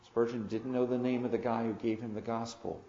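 A man's voice: medium pitch, little pitch movement, roomy sound, dull audio. Preaching man with big emphatic swells. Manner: preaches with sudden loud emphatic swells and slow drawn-out stresses. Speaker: pastor. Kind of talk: sermon.

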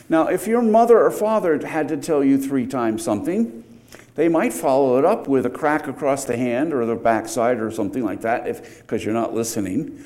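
A middle-aged man teaching through a passage in a sermon, with a mellow, relaxed tone. He explains calmly in a lower register, then pushes up into loud, emphatic questions when a point lands. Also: normal speed. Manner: explanatory, rising to emphatic outbursts on key points. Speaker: preacher. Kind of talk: verse-by-verse sermon.

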